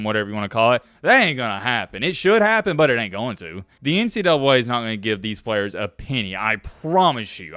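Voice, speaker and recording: A young man giving casual, slangy reaction commentary as a vlogger, talking in an animated, conversational way. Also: medium pitch, no room sound, studio quality.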